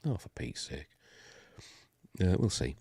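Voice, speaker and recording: A man's voice: deep voice, sing-song, slow, a little mellow, slightly rough, no room sound, clean studio sound. A man with a Yorkshire accent hosting a live news stream, reading articles aloud and muttering grumbling asides in between.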